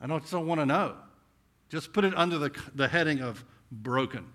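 A man with a Southern US accent preaching a conversational sermon, asking rhetorical questions and swinging between intense and hushed delivery. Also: fairly high pitch, a little fast. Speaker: pastor.

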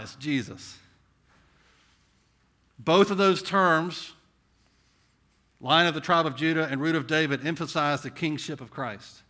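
A man with a Southern US accent preaching a conversational sermon, asking rhetorical questions and swinging between intense and hushed delivery. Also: a little high. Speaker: pastor.

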